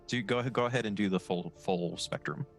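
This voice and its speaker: Deep-voiced man running a tabletop game. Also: fast talker, vocal fry, soft background music. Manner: casual, hesitant, filler-heavy. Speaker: game master.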